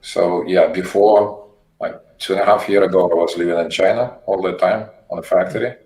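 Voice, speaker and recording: Low-voiced man with halting, repetitive answers. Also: steady tone, darkish tone. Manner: halting, repeats words while searching for phrasing. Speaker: company CEO guest. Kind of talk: interview answers. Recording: echoey room with faint noise.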